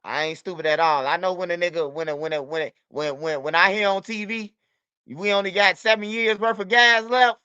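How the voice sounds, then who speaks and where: This U.S. livestream host has a high, bright, forceful voice and speaks briskly in casual, profane street slang, repeating phrases and addressing chat members by name. The sound is clean with no echo, though the highs are cut off.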